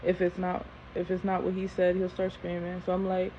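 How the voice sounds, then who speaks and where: A woman tells a personal story on camera in a casual, animated way, often repeating phrases for emphasis. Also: lowish voice, normal speed, few pauses. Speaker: storytime host. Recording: dull lo-fi sound with faint hiss.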